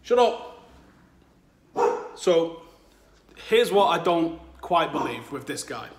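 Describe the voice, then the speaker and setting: A man's voice: a little high, animated, takes it slowly, reverberant, a little hiss or hum. A man hosting a football channel, talking candidly to his audience from home and swearing freely. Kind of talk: casual monologue to camera. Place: at home, new flat.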